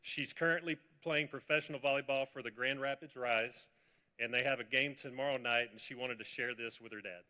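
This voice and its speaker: A man giving a measured, formal introduction of a new coach at a press conference. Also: mid-range voice, steady tone, sharp tone. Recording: long hall reverb.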